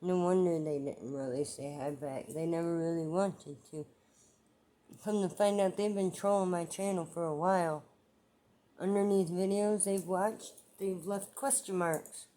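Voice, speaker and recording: A woman's voice: fairly low pitch, fairly even intonation, measured pace, dark tone. A woman vlogging about her own life in a rambling, emotional monologue, repeating herself as she gets frustrated. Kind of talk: emotional personal vlog monologue.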